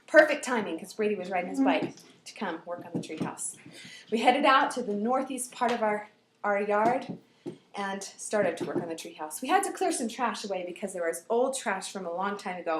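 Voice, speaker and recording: A woman telling a personal story aloud in an animated way, dropping to whispers and rising to loud outbursts. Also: medium pitch, roomy sound, slight background noise.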